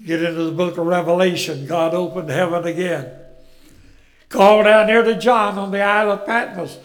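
A man preaches a folksy Bible sermon at normal speed, his high voice keeping a steady tone. He tells the story with rhetorical questions and chuckles, swelling loud on key phrases.

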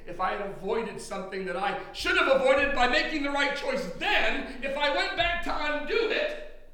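High bright-voiced preacher in echoing hall. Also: male voice, lively intonation, normal speed. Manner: emphatic, repeating words as he builds. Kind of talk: testimony sermon. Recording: very echoey hall.

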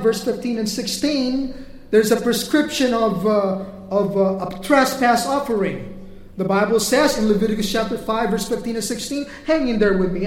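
Man, pastor, sermon, earnest teaching, repeats himself, echoey hall, long reverb. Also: very high voice. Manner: earnest teaching, steady verse-by-verse with fillers and repeats.

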